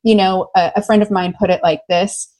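An American woman working as a love coach, telling stories in an enthusiastic, expressive way during an interview. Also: medium pitch, moderate pace, poor audio. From United States. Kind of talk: conversational interview.

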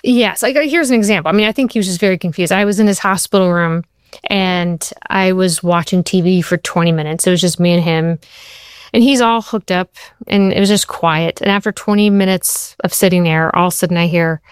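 Smooth-voiced woman telling animated stories. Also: on the low side, no echo, studio quality. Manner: animated, acts out quotes, fast bursts. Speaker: TV writer and show creator. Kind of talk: interview storytelling.

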